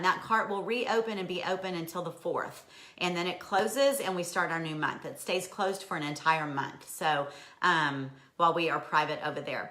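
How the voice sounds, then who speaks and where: A woman hosting a weekly live stream, chatting casually and warmly encouraging her viewers, answering their comments by name and laughing often. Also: fairly low pitch, reverberant.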